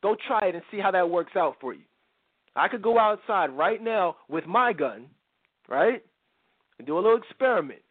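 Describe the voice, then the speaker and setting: A man's voice: sits high, very animated, moderate pace, dry recording. A male radio talk show host delivering a blunt, slangy, opinionated monologue straight at his listeners. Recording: narrow phone-like radio sound.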